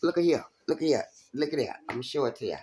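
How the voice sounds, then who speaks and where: A woman telling a profane, animated story from her street days, acting out the quotes. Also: rumbling low, quick pace. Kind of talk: casual storytelling.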